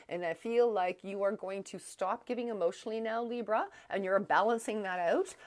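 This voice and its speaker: A woman reading tarot on a live stream in an even, middle-pitched voice. She rambles and stops herself often, padding with fillers. Her throat is strained and she coughs now and then. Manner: rambling, halting, many fillers and restarts. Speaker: tarot reader.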